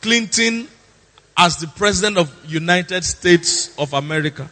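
Bright, emphatic pastor. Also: male voice, high-pitched, lively intonation, a little slow, long reverb tail. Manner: emphatic, repeats lines for effect, theatrical impressions. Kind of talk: sermon.

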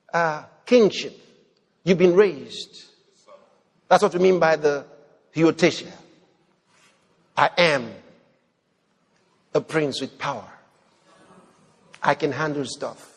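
A man preaching a sermon, animated, swinging between loud outbursts and low murmurs as he acts out people praying. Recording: long hall reverb.

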